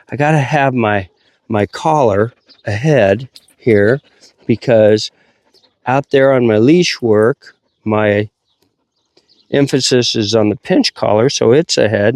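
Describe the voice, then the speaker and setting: A middle-aged man, a dog trainer, explaining his methods outdoors while working a dog, breaking into high, playful praise for the animal. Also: dry recording. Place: outdoors at a kennel ranch.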